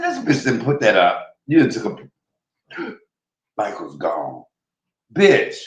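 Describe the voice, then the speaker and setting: A man's voice: mid-range voice, roomy sound, rough recording. A man voicing a profane, taunting roast rant. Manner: taunting, vulgar insults, repeated jabs. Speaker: streamer host.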